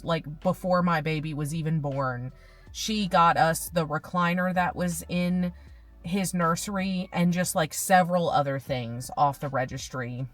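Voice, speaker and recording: Sitting in a parked car, a young woman vlogs in a casual, rambling way, full of fillers and gushing as she's audibly touched and emotional. Her voice is on the low side with a fairly bright tone.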